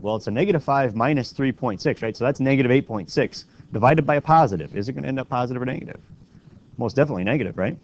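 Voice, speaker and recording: A man teaching a classroom math lesson, walking students through each step and often checking in with a quick question. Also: medium pitch. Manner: walks students through steps with frequent questioning "right?". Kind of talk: classroom lecture. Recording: dull lo-fi classroom recording with faint noise.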